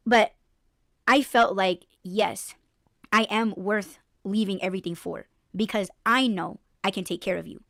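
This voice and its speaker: A woman's voice: mid-range voice, no room sound, studio quality. Blunt, profane woman podcast host. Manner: blunt, profane, animated storytelling with mock voices. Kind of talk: casual chat.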